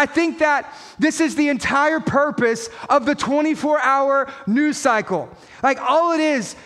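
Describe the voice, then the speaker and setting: A man preaching a sermon as pastor, emphatic and rising to shouts at key points, with quick mimicking asides. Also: very high-pitched, long reverb tail.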